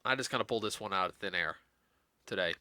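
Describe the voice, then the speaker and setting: A man's voice: low-pitched, fast, pushed and bright, smooth, no room sound. A middle-aged man hosting a podcast, rambling in casual chat with many restarts and fillers. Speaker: podcast host.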